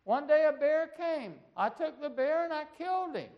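A man's voice: extremely high pitch, moderate pace, lo-fi sound, pitched above the performer's own voice. A man voicing the young shepherd David, eager and boasting, in a storytelling sermon. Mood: boastful. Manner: excited, boastful.

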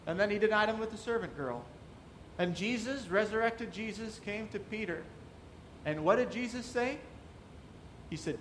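A man's voice: high voice, expressive, moderate pace, long pauses, fairly bright tone, a little hiss or hum. A man preaching a sermon as pastor, asking the congregation rhetorical questions and acting out quoted voices.

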